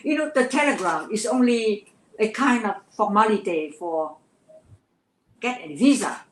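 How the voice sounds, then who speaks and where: A woman's voice: mid-range voice, animated, a little hiss or hum. Older woman, Vietnamese accent, interview guest, earnest storytelling, repeats words, roomy echo. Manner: earnest, halting, repeats words when moved. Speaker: guest, actress.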